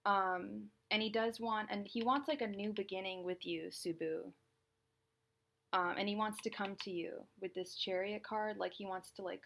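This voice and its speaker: A woman's voice: mid-range voice, a bit bright. A woman reading tarot on a live stream, chatting in a rambling way with lots of fillers and restarts. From California. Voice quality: slightly gravelly voice. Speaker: tarot reader.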